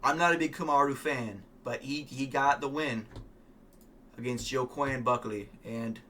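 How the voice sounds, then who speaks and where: Male vlogger, casual fight talk, opinionated and profane, tense bright tone. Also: mid-range voice, a little slow, slight background noise. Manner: rambling, opinionated, swears, frequent ums. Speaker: MMA fan vlogger.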